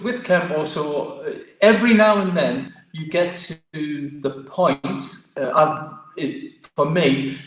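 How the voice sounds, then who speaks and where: A man with a Geordie accent, a martial arts guest telling stories in a lively, chatty way. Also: fairly high pitch. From Newcastle, England. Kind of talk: casual storytelling interview. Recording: echoey room.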